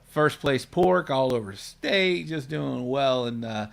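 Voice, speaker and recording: A man with a gravelly, creaky voice hosting a relaxed talk show. He asks short questions and eggs his guest on. His pitch sits in the middle range. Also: slow pace. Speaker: show host. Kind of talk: casual interview chat.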